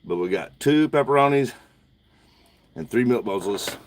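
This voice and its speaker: A man's voice: medium pitch, expressive, moderate pace, a little hiss or hum. A man hosting a casual livestream outdoors at home at night, joking and swearing loosely into a propped-up phone. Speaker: livestream host.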